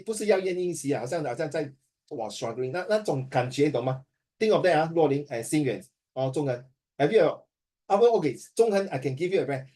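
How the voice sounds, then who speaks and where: Playfully teasing his student, a Singaporean-accented man mixes languages during a relaxed one-on-one tutoring session. He has a warm tone and a fairly high pitch.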